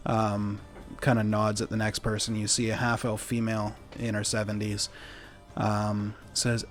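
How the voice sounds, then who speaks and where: A man narrating as game master of a tabletop game in a relaxed way with many fillers. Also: lowish voice, moderate pace, faint music behind.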